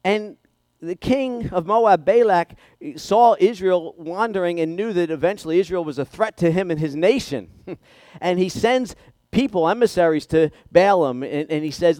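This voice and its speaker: A male pastor preaches with animated storytelling and acts out the voices in the story. His voice sits a little high. The sound is dry and close. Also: normal speed, no room sound. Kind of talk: sermon.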